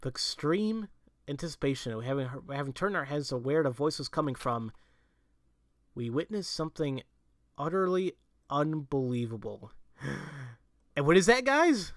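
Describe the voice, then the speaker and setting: A man doing casual let's play commentary, excitable and prone to shouting, then rambling with restarts as he reflects. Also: fairly high pitch, moderate pace, pauses often, dry recording. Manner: excitable, breaks into shouts and laughter. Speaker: let's player.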